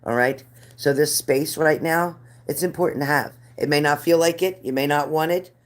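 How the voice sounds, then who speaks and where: A woman's voice: low-pitched, normal speed. Chatty woman doing live card readings. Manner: chatty, repeats viewers' names, gives earnest advice. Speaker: card reader.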